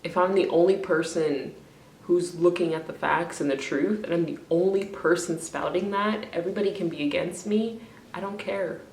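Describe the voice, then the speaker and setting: A woman's voice: lowish voice, normal speed, darkish tone, reverberant, recorded from a distance, a little hiss or hum. A woman ranting in an emotional vlog, crying, frustrated and rambling, swearing often. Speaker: vlogger.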